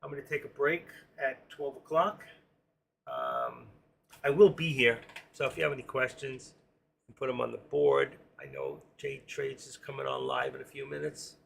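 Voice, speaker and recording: Gravelly New York man chatting on a live stream. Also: medium pitch, wildly swooping pitch, normal speed, fairly bright tone, slight background noise. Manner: rambling, chatty, reads viewer comments aloud. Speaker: stock trading live streamer. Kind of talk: casual live-stream chat.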